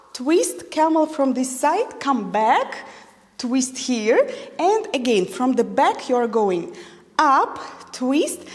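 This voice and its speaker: Woman counting out a dance class. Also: high voice. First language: not English. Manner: counts beats aloud, slow deliberate cueing. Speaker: dance instructor. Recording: long reverb in a large room.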